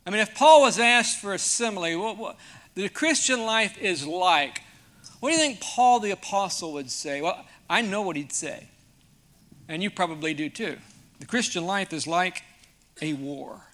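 A man's voice: sits high, expressive, moderate pace, fairly bright tone. A man preaching a sermon in a folksy, conversational way, asking the congregation questions. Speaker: pastor.

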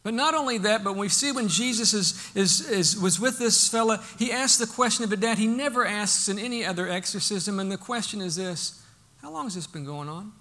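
A male preacher with a high-pitched, bright voice delivers a sermon. He swings between loud, emphatic bursts and quiet, intimate lines, acting out the Bible quotes as he goes. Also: brisk, few pauses.

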